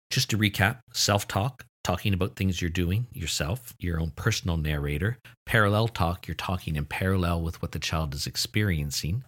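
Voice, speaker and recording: A man giving a lecture on how children learn language, in a low, slightly husky voice. He explains steadily and lifts his voice to stress the key points. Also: fairly bright tone. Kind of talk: recorded lecture.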